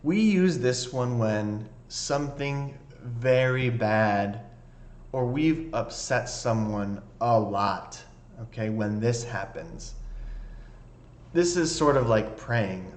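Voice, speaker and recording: A man's voice: mid-range voice, takes it slowly, slight background noise. A man teaching an English lesson, explaining patiently and often checking in with the learners by asking "okay?". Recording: echoey room.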